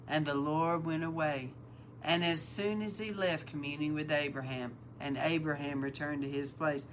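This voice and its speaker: A woman's voice: fairly low pitch, slight background noise. A woman hosting a talk, reading old-style scripture aloud and breaking in with amused, emphatic comments. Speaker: host and Bible teacher.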